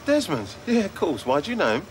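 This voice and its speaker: An actor playing a cheeky, boastful market trader with a working-class London accent. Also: male voice, high-pitched, wildly swooping pitch, fairly quick. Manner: chirpy, boastful. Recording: noisy old TV audio.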